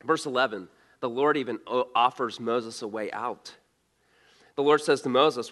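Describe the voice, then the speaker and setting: This sermon comes from a male pastor speaking at medium pitch and moderate pace, his tone fairly bright. He talks to the congregation conversationally, throwing out rhetorical questions and often starting his phrases over.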